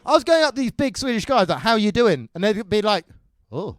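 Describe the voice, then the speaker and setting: An English man doing stand-up, talking fast and all over the place, swearing and mocking himself. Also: high voice, sing-song, clean tone, dry recording. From England. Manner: rapid, scattered, self-mocking, swears a lot. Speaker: stand-up comedian. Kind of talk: stand-up set. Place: comedy club stage.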